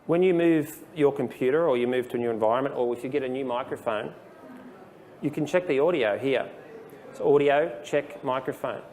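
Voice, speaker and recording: A man giving a casual, explanatory software training presentation to a live audience in a room. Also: medium pitch, a little fast, big-room sound. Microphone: handheld dictation microphone.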